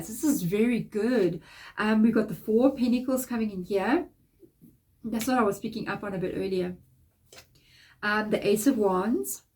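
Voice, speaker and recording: A woman's voice: mid-range voice, a little mellow. A woman from Africa with a blocked, nasal nose, giving a casual tarot card reading in a chatty, encouraging, rambling way. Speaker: tarot reader.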